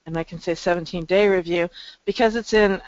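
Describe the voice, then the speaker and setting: A woman's voice: on the low side, fairly even intonation, fairly quick, no echo. Webinar presenter woman, explainy demo tone, dry muffled call audio. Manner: explanatory, frequent ums and restarts. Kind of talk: screen-share software demo.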